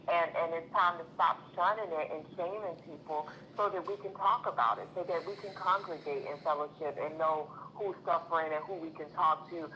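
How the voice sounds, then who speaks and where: A woman's voice: low-pitched, a little fast, hardly any pauses, bright, forceful tone, slight background noise, low-quality recording. A woman calling in to a casual chat show, speaking earnestly and at length in an encouraging way. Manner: long-winded, earnest, encouraging. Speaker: caller.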